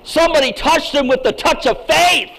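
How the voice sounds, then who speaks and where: A pastor, an older man, preaching a sermon in an emphatic style that swings from quiet asides to shouting. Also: very high-pitched, normal speed, creaky, rough recording.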